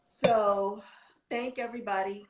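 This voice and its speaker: A woman co-host talking in a loose, chatty way, recounting what she saw with a lot of animation. Her voice sits at an ordinary middle pitch and carries a noticeable echo, as if she is in a roomy space. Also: fairly even intonation, a little slow. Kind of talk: casual talk show chat.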